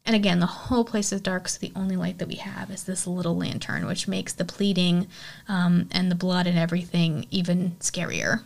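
A woman's voice: fairly low pitch, level tone, moderate pace, vocal fry. A woman hosting a horror podcast, retelling a film's plot and giving her opinion in a casual, chatty way, with plenty of "like" and "you know". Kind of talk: casual film recap and review.

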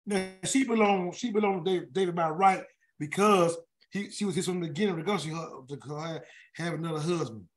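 A man's voice: sits high, a little fast. A man leading a weekly Bible word study. He reads scripture aloud and breaks off into chatty, colloquial asides, often stumbling and restarting over names. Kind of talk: scripture reading with casual commentary.

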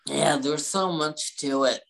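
A man's voice: a little high, slow, gravelly, fairly bright tone. A laid-back man in his thirties co-hosting a podcast in casual chat, mostly giving short agreeing replies. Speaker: podcast co-host.

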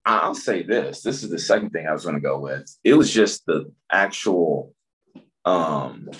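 A man in his thirties from the Midwest, a county commissioner telling his story in a relaxed interview, with frequent fillers and easy laughs. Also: low voice, unhurried. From Midwest, Michigan. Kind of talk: conversational interview.

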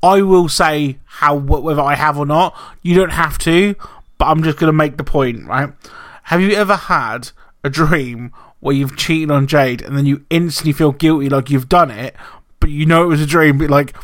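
Young guy on a podcast, swears, laughs, tells stories big, voice kinda high. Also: moderate pace, dry recording, studio quality. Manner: swearing, laughing, animated storytelling. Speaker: podcast co-host. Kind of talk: casual podcast chat.

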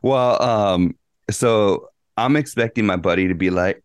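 A man's voice: lowish voice, normal speed, dry recording, studio quality. A man co-hosting a podcast, telling a story in a rambling, casual way with lots of swearing and slang. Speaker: podcast co-host. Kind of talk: casual chat.

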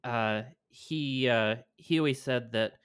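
A man's voice: mid-range voice, takes it slowly, a bit bright, clear, resonant tone, no room sound, studio quality. A man telling a rambling, profane story in a casual chat.

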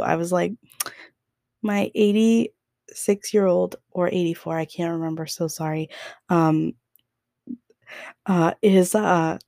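Young woman podcaster rambling slowly thru a story, mellow lowish voice, dry close sound. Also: vocal fry, no room sound. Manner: chatty, laughs often, lots of fillers. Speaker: podcast host. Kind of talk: casual storytelling chat.

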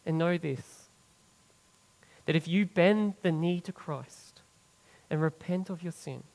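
Pastor, male, high-pitched, earnest sermon delivery that swells and then hushes. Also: slow, gravelly, big-room sound, rough recording. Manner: earnest preaching that swells for emphasis and drops soft and low on key phrases.

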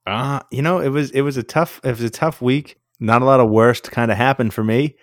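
A man's voice: mid-range voice, steady tone, fairly quick, dry recording, clean studio sound. A man co-hosting a casual podcast, talking in a wry, joking way. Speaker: podcast co-host. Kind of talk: casual chat.

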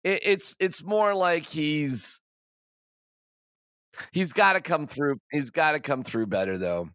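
Male podcast host, forceful bright tone, emphatic frustrated delivery. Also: a little high, animated, takes it slowly, no room sound, clean studio sound. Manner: exasperated, emphatic, stammering restarts. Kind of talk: casual sports rant.

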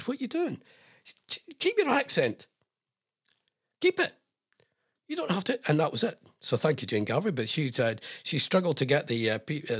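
Husky radio presenter, rambling. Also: male voice, medium pitch. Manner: rambling, jokey asides. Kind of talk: casual radio chat reading out news items.

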